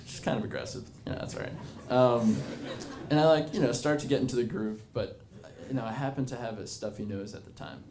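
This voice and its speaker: This one's brisk: a man in his twenties, medium-pitched and a little mellow, rambles through a self-mocking personal story for a live bar audience, full of fillers. Crowd noise echoes around the room.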